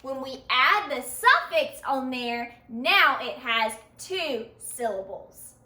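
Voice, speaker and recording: A woman teaching a children's phonics lesson, speaking patiently and slowly to young learners. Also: sits high, expressive, sharp tone, echoey room. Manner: slow, patient, sing-song teacher talk to young learners.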